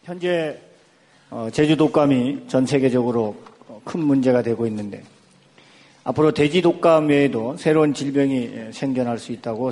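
A man, a reverend, asking a formal prepared question in a rapid delivery. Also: medium pitch, a little mellow. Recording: long echo of a large hall.

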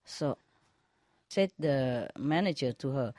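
A woman, a spiritual teacher, telling jokes to a group in a slow, chuckling way, often checking whether her listeners follow. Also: sits low, a little mellow, no room sound, studio quality.

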